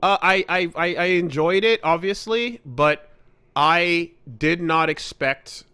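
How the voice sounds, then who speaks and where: A man's voice: on the high side, slow pace, pushed and bright, smooth. A man co-hosting a casual podcast chat, rambling with frequent restarts. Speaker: podcast co-host.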